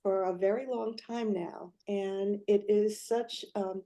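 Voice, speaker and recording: An older woman speaks on a video call as a proud mother. She pauses often and her voice gets weepy. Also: medium pitch, steady tone, warm tone. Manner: hesitant, teary, full of fillers. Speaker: honoree's mother. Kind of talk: emotional tribute on a video call.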